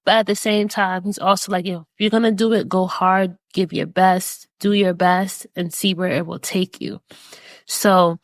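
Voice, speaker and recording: A woman's voice: on the low side, flat delivery, moderate pace, no room sound. A woman hosting a podcast, talking earnestly and encouragingly about life lessons, with casual fillers. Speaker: podcast host. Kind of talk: reflective personal talk.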